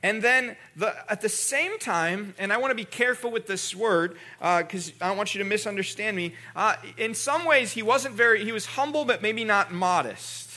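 A man's voice: high-pitched, normal speed, hardly any pauses, pushed and bright. A man preaching a sermon as pastor to a church congregation, talking conversationally, restarting words, and calling on the room to repeat after him. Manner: calls on the congregation to respond. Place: church sanctuary.

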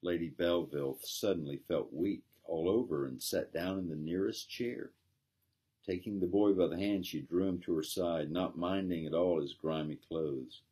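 A man, a pastor, gently reading a children's story aloud. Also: deep voice, moderate pace, husky. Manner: gentle storytelling, plainly voicing characters.

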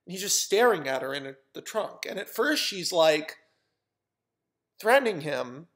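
A young man pitching a film idea in casual storytelling, animated and full of fillers, swearing freely. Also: normal speed.

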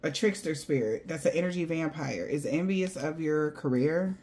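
A woman with a somewhat low voice reads tarot cards for her viewers in a loose, slangy way. She is blunt and swears freely. Her talk is lively and full of asides. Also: moderate pace, slight background noise. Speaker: tarot card reader. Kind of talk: casual spiritual tarot reading to viewers.

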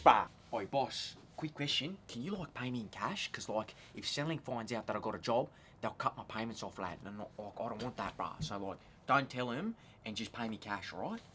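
A man's voice: very high-pitched, pushed and bright. A man playing a brash, crude young male eshay slacker at an office job, with a slangy Australian accent and a swaggering, mouthy delivery. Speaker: office worker. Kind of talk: comedy sketch acting.

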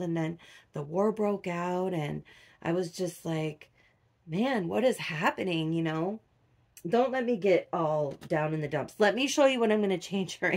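A middle-aged woman, chatting casually to her viewers in a soft, rambling way with many fillers. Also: fairly low pitch. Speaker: doll collector vlogger. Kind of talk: casual chat to camera.

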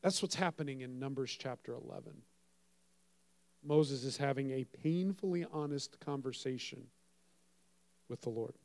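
A man preaching a sermon, telling a story with dramatic swings between loud and soft and acting out the voices he quotes. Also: mid-range voice, normal speed, pauses often. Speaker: pastor.

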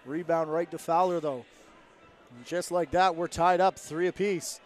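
A man calling lacrosse play-by-play, following the action quickly and lifting his voice as plays develop. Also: fairly high pitch, steady tone. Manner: rapid play-by-play, rising with the action. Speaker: play-by-play commentator. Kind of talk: sports commentary.

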